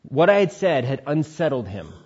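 A man with a slightly high voice tells his testimony in an animated, storytelling way, jumping up in pitch when he acts out a scene. The recording sounds muffled and lo-fi. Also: moderate pace, slightly rough. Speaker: speaker sharing testimony. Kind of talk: testimony sermon.

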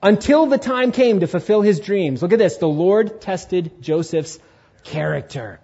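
A man preaching a sermon in a church sanctuary, his voice sitting high and swinging widely in pitch. He acts out inner voices and asks the congregation questions, with a slightly husky tone. The recording sounds muffled and lo-fi. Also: expressive, a little slow, warm tone. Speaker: pastor.

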